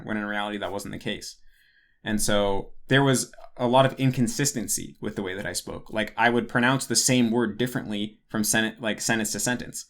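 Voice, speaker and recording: A young man with a lower, fairly bright voice answers patron questions in a casual Q&A monologue. His delivery is rambling and self-correcting, peppered with "like."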